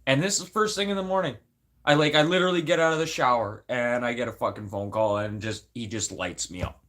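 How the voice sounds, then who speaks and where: A man's voice: mid-range voice, a little fast, a bit bright. Tearful, angry man in his forties. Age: 40s. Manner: angry, profane, rambling venting. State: crying. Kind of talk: emotional livestream rant.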